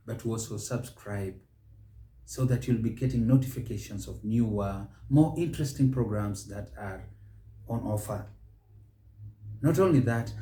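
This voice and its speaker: Kenyan-accented male host, measured lesson delivery, very slow pace, echoey room. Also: mid-range voice, mellow. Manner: slow, deliberate, stretches key words. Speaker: show host and English pronunciation teacher.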